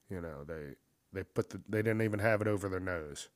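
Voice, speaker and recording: A man's voice: low voice, a little fast, dry recording, clean studio sound. A man hosting a casual commentary show, retelling news stories in a heated, profane rant and acting out the people in them. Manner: heated, swears constantly, acts out quoted people.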